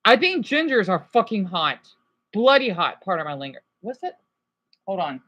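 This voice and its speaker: A man's voice: high-pitched, big pitch swings, normal speed, pushed and bright, muffled recording. Rambling man chatting on a livestream. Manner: rambling, jumps between topics, swears casually. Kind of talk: casual livestream chat.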